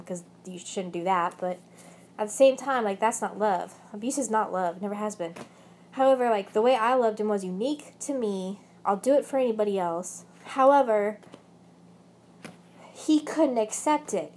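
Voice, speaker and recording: A woman's voice: on the high side, a little mellow. A young woman with a British accent vlogging about her ex, rambling and swearing heavily, with angry bursts. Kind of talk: emotional personal rant.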